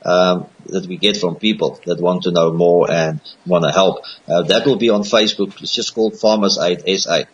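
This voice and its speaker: A man from Africa, a guest on a radio interview who talks hesitantly with many filler pauses. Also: low-pitched, fairly even intonation, dull audio, slight background noise. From South Africa.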